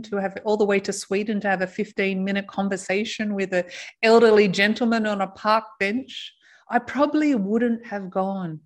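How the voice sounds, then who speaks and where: A woman telling a personal story in a soft, reflective way, laughing now and then. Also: medium pitch. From Australia. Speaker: intuitive reader.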